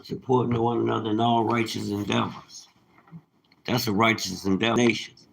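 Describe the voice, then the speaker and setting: Gravelly low-voiced man ranting. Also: flat delivery, normal speed. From United States. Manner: blunt, profane, preachy, emphatic. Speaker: self-described teacher. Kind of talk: casual ranting monologue. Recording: noisy recording.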